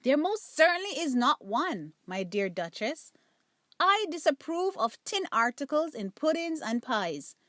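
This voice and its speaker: A woman's voice: sits high, sing-song, unhurried, a bit bright, dry recording, studio quality, heavily acted. A woman reading a storybook aloud and voicing a genteel female cat hostess, sweetly polite and prim.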